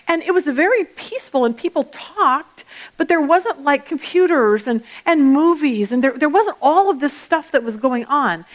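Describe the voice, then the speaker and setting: A woman leads a Bible study lesson in a chatty, lively way. She weaves in personal stories, restarts her sentences often, and her voice sits slightly high for a woman. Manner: acts out everyday voices mid-talk.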